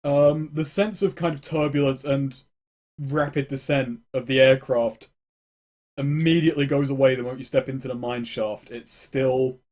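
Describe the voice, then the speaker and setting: A man's voice: medium pitch, fairly even intonation, a little mellow. Man narrating as game master. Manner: descriptive, halting with fillers.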